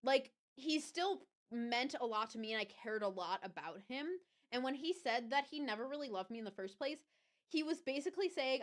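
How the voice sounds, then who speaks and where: Animated young woman telling a story. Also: fairly high pitch, fairly quick. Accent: Southern US. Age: young adult. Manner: chatty, animated, self-correcting, laughs often. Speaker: livestream host. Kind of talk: casual storytelling to chat.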